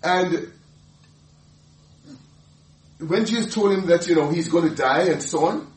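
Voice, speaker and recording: A man teaching the Bible, animated and laughing often, restarting his sentences. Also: sits high, measured pace, reverberant, recorded from a distance.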